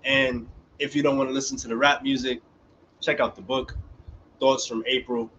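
A man's voice: mid-range voice, moderate pace, dull audio, slight background noise. A young man performing a dramatic spoken word poem that builds in intensity, then chatting casually about his work. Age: young adult. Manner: relaxed casual chat after the poem.

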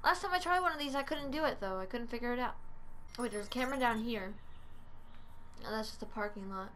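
A woman hosting a gameplay video, talking through the action in a chatty, giggly way with frequent laughs and playful outbursts. Her voice sits fairly high. Faint background noise hums under the commentary. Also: fast talker. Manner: excitable playful exclamations. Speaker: gaming channel host. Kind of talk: let's play commentary.

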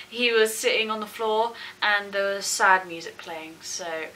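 A woman chatting casually and gushing excitedly as she reacts to a video at home. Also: mid-range voice, unhurried, hardly any pauses, rough recording. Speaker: reaction vlogger.

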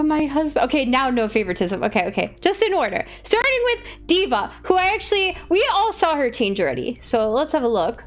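High animated young woman streamer. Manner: gushing, squealing, frequent gasps and shouts. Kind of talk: excited gaming stream chat.

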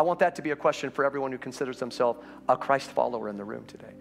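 A man pastor preaching an Easter sermon in a church, his voice rising high and urgent as he presses his point. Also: very fast, vocal fry, few pauses, soft background music. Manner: impassioned preaching that climbs in pitch and urgency. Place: church sanctuary.

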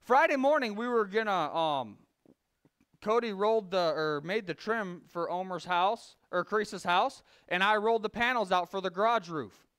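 Guy preaching like he's telling a work story, keeps restarting, goes loud then real quiet. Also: sits high, clear, resonant tone. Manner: folksy storytelling with frequent restarts; swings between loud emphasis and quiet confession. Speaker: lay preacher. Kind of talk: conversational sermon.

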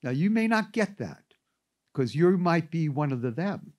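Guy lecturing a class, tells stories w/ wry little asides, voice a bit on the high side. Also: unhurried. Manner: animated storyteller with wry asides.

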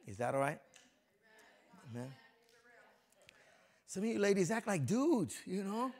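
A middle-aged man preaching a lively, folksy sermon as a pastor, joking with the congregation and swinging between soft and loud. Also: high voice, a little slow, gravelly. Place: church sanctuary before a congregation.

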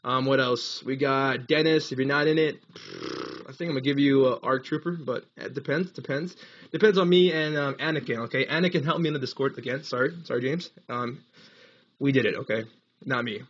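A man's voice: mid-range voice, brisk, husky. Een hese jonge Amerikaanse man die ontspannen en wat warrig praat tijdens een livestream van een game, vaak lachend terwijl hij de chat voorleest. Het geluid klinkt dof en lo-fi, als van een eenvoudige streammicrofoon. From United States. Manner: rambling, laughs often, reads chat aloud. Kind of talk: casual live gaming stream chat.

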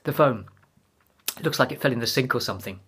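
A man reading aloud, voicing a flustered, defensive woman teacher in a higher, louder voice. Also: fast talker, breathy edge. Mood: prickly.

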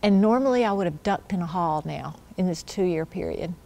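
A woman's voice: on the low side, expressive, normal speed, gravelly. Earnest woman sharing her testimony. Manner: earnest storytelling, drops to a hush for quoted prayers. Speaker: church testimony speaker. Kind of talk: personal testimony.

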